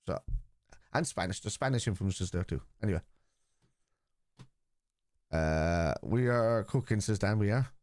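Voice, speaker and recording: A man's voice: lowish voice, a little mellow, no room sound, clean studio sound. A man from Liverpool in casual live-stream chat, rambling and teasing commenters as he reads out messages during a football watchalong.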